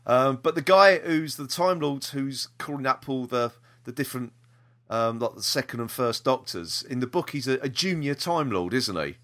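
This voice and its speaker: Podcast guy, bright voice, chatty, lots of ums and laughs. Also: medium pitch, lively intonation, moderate pace. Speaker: podcast co-host. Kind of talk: casual chat.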